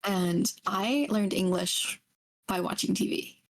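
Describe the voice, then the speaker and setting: A woman's voice: mid-range voice, slow pace. A woman chatting casually as a podcast co-host, taking care to enunciate her words. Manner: careful, enunciated speech. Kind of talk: casual chat.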